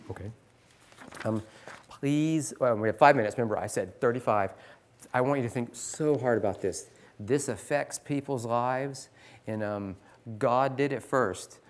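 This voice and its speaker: A teacher in his forties speaks a little slowly in a mid-range voice. He earnestly instructs fellow teachers through stories and scripture, which he reads aloud in a pleading tone.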